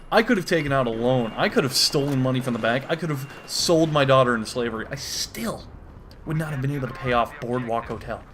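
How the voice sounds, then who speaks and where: Deadpan rambling man over faint gunfire. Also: medium pitch, slight background noise. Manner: deadpan absurd rambling, swearing. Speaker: gaming commentator. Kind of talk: comedic monologue over gameplay. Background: faint gunfire from a shooter game.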